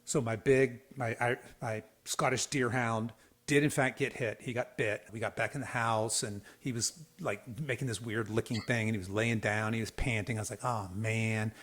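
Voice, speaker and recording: Speaking at a moderate pace and medium pitch, this Southeastern US podcast host in his fifties shares a story. He's casual and folksy, animated, and often restarts and laughs.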